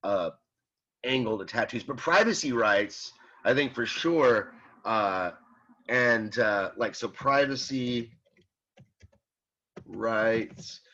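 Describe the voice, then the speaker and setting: Bright-voiced male ethics instructor, rambling. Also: medium pitch, takes it slowly, long pauses. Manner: rambling, conversational, with many fillers and restarts; reads out student comments and answers them. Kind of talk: casual classroom lecture. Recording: slightly muffled recording.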